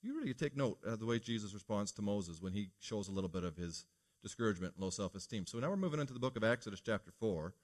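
A man's voice: fairly low pitch, lively intonation, quick pace. A man preaching a morning sermon as pastor, earnest and preacherly, putting rhetorical questions to his congregation.

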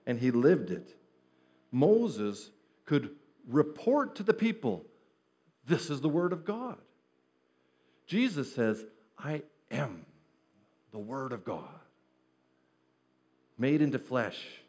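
A man's voice: medium pitch, darkish tone. A man preaching an earnest sermon to his congregation, shifting his pace and stress as he teaches from Scripture. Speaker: pastor.

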